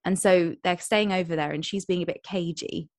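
A young woman co-hosting a podcast in casual chat, retelling plots with quick quoted voices. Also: fairly low pitch, steady tone, no room sound. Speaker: podcast co-host.

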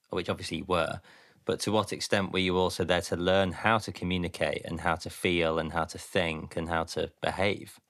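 A man's voice: low-pitched, a bit bright. A man hosting a podcast, asking a guest thoughtful, probing questions. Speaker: podcast host. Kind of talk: interview questions.

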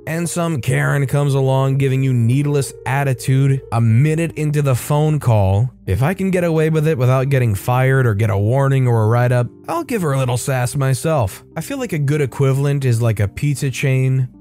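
A man hosting a storytelling channel, reading online stories aloud and adding relaxed, conversational asides. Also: medium pitch, normal speed, hardly any pauses, soft background music.

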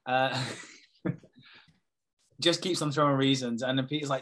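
A man in casual conversation, retelling a TV episode scene by scene. He swears freely and slips into quick impressions of the characters as he goes. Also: medium pitch, a bit bright, a little hiss or hum. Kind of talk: casual chat recapping a TV episode.

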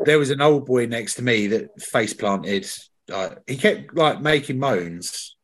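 Man, podcast host, mid pitch, casual slangy storyteller. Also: expressive, unhurried. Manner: chatty storyteller, swears, slangy. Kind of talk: casual chat.

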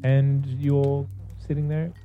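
A man narrating a tabletop game as game master, relaxed and descriptive. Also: medium pitch, takes it slowly, phone-quality sound, faint music behind.

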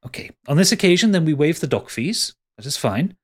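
A man's voice: a little high, very animated, fairly quick. A man voicing a prim, fawning male city concierge who repeats his words. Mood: fussy polite.

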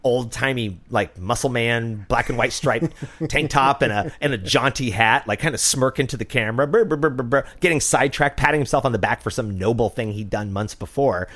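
A man co-hosting a casual talk podcast, telling a story with an animated manner, swearing freely and mimicking the people he quotes. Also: medium pitch, fairly quick. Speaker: podcast co-host.

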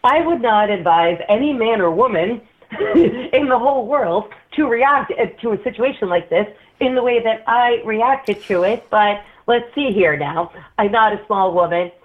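Woman guest telling a story by phone, expressive and laughing, tinny line. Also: on the high side, measured pace. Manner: animated, acts out quoted voices, laughs often. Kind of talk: casual storytelling chat. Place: Massachusetts.

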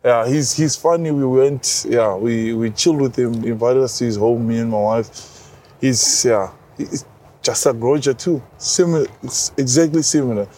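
A South African man in his thirties, a rugby captain, telling stories in relaxed casual chat as an interview guest. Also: mid-range voice, moderate pace. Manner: relaxed storytelling, says bro a lot, many restarts.

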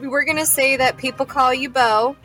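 A woman's voice: sits high, steady tone, moderate pace, pushed and bright, faint music behind, low-quality recording. A woman running a tabletop game as game master, chatty and giggly with casual swearing.

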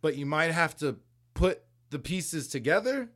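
A man's voice: on the high side, expressive, unhurried, fairly bright tone. A man co-hosting a podcast, casually recapping a comic book in a rambling, profane way, with laughs along the way. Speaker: podcast co-host.

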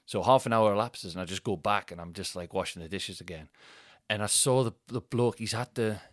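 A man's voice: fairly low pitch, a little fast, no echo, clean studio sound. A man, a stand-up comedian hosting his own podcast, telling a story casually and laughing as he acts out the people in it.

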